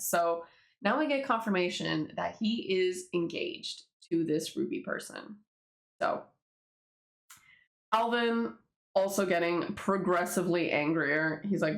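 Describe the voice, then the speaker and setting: A woman's voice: lowish voice, moderate pace. Rambling, casual woman in a roomy space. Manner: rambling, swearing, laughing asides. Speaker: webtoon creator. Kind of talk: casual commentary reading a comic. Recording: roomy echo.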